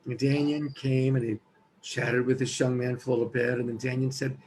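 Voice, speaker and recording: A man's voice: mid-range voice, level tone, fairly quick, a little mellow, a little hiss or hum, rough recording. A male host telling a personal story in a reflective, conversational way. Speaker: show host. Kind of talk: storytelling chat.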